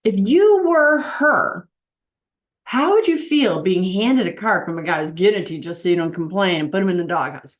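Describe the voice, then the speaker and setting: A woman's voice: fairly low pitch, expressive, moderate pace. A middle-aged woman giving a casual, earnest teaching talk on faith and marriage, acting out the voices she quotes and driving her points home through repetition.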